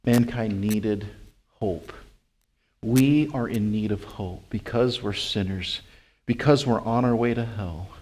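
Delivering his sermon, a man serving as pastor keeps asking his congregation rhetorical questions, one after another. His delivery shifts from booming, high-pitched calls to quiet, slow passages.

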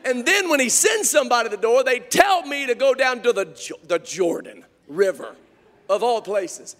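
A man's voice: extremely high pitch, expressive, moderate pace, a bit bright, in a large hall. A man preaching acts out a proud, offended army captain, indignant and incredulous.

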